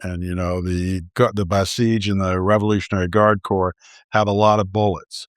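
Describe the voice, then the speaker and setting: A man with a low, deep voice talks through policy questions in a measured way, pausing and restarting his sentences often. He sounds like a guest analyst in a discussion. The sound is close and dry. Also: level tone, no room sound. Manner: measured, halting, frequent restarts.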